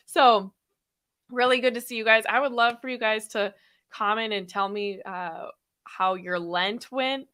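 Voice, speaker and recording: A woman in her thirties hosting a podcast live stream, talking fast and chatty with frequent laughs, her throat a little sore after being ill. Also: medium pitch, bright, forceful tone. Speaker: podcast host. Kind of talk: casual live stream chat.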